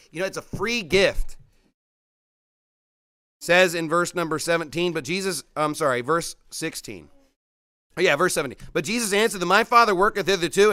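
A young man preaches a sermon in a high voice. He is emphatic and forceful and often pushes up into sharp, rising outbursts. His tone is bright and edgy.

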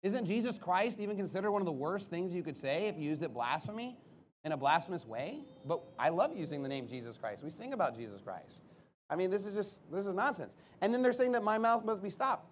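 A man, a pastor, preaching in a defensive, emphatic way, firing rhetorical questions and rising to loud outbursts. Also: high-pitched, lively intonation, fairly quick, slight background noise.

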